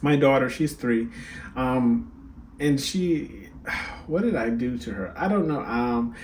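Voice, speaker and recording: A man's voice: medium pitch, lively intonation, takes it slowly, slight background noise. A young man giving a casual tarot card reading, talking straight to his viewers and checking in often with "right?" and "okay?". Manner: chatty, frequent "right?" and "okay?" check-ins.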